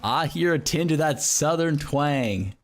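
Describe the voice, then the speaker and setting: A man's voice: fairly high pitch, lively intonation, a little slow. An American man streaming a game, chatting casually with his viewers in a rambling way, full of fillers, swearing and laughter. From United States. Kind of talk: casual livestream chat with viewers.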